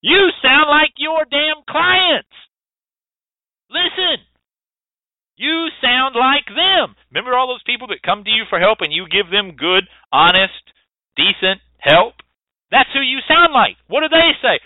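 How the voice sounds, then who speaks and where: Texan man, radio host, lively pitch, emphatic, repetitive, swearing, tinny dry phone-like sound. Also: measured pace, no room sound. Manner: emphatic, repetitive, profane, preachy. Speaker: radio show host teaching hoodoo rootwork. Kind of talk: lecturing radio talk.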